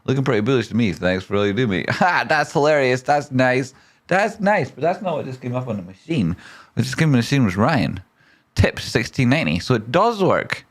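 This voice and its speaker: A man hosting a live trading stream, reading viewer messages aloud with excitable swearing and silly wordplay. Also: mid-range voice, brisk. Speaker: trading livestream host.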